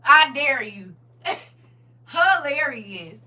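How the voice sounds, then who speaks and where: A woman hosting a casual livestream, reading viewer comments aloud and reacting with animated, laughing slang. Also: high-pitched, very slow, recorded from a distance. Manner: animated, laughing, talks back to chat with slang. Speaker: livestream host.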